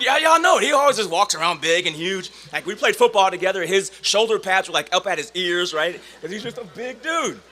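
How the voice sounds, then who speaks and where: A man in his forties delivers a commencement speech with a bright, forceful voice set fairly high. He tells stories with big dramatic swings, dropping to a hush and then calling out loud. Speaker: commencement speaker.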